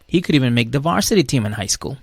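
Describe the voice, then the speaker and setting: A man's voice: mid-range voice, lively intonation, quick pace, gravelly, slightly rough, no room sound, clean studio sound. A man co-hosting a podcast, casually recapping an episode and mimicking the cast with laid-back, playful storytelling. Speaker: podcast co-host.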